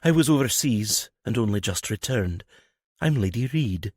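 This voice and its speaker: A man voicing a malicious Scottish noblewoman with a husky voice and a snide, drawling manner. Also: on the low side, lively intonation, moderate pace, a little mellow, dry recording, clean studio sound, voice pushed up. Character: malicious red-haired Scottish lady, mocking and sly.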